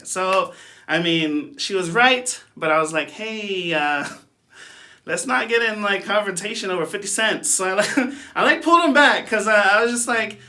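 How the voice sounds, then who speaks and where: A man's voice: on the high side, pushed and bright. A young man giving a casual youth talk, telling a story in a chatty way, with lots of fillers and asides and frequent laughs. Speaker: youth speaker.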